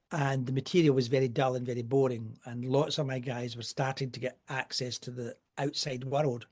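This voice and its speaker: An older man, a podcast guest telling rambling, wry anecdotes with asides. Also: medium pitch. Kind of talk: casual storytelling.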